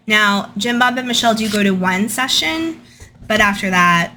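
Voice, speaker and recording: Casting: young woman host, chatty storytime reader, mid-pitched voice, conversational fillers. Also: normal speed, bright, forceful tone, a little hiss or hum. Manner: chatty, frequent "like" and "um". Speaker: channel host. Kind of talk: casual storytime commentary, reading from a book.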